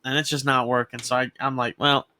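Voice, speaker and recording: A man's voice: medium pitch, little pitch movement, fairly quick, sharp tone. A man co-hosting a podcast, casually rambling through a story with lots of swearing and acted-out quotes. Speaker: podcast co-host. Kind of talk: casual chat.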